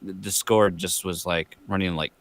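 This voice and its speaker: A man co-hosting a casual podcast over a video call, excitable and teasing, laughing often. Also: low voice, moderate pace, dry recording. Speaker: podcast co-host.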